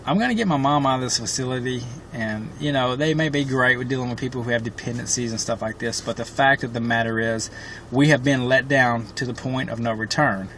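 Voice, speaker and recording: A middle-aged man talking straight to his viewers in a personal vlog, impassioned and frustrated, often pausing on fillers. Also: mid-range voice, fairly bright tone, slight background noise. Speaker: vlogger advocating for his mother. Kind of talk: direct-to-camera personal vlog.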